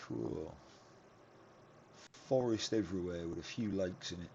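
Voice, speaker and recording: A man chatting casually while playing a flight game, teasing his friends and quick to laugh. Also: low voice, creaky, darkish tone, a little hiss or hum. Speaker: co-host on a gaming stream. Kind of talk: casual gaming chat. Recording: dull lo-fi mic.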